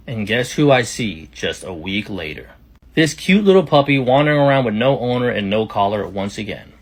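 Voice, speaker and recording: A man telling a personal story in a casual storytime style, chatty and rapid, with quoted asides. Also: fairly low pitch, lively intonation, breathy edge.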